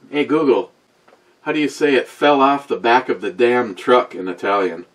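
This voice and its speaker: A man's voice: mid-range voice, unhurried. A man in his sixties hosting a beer review in casual chat to camera, rambling and profane, with wisecracks and asides to a voice assistant. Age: 60s. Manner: talks back to a voice assistant.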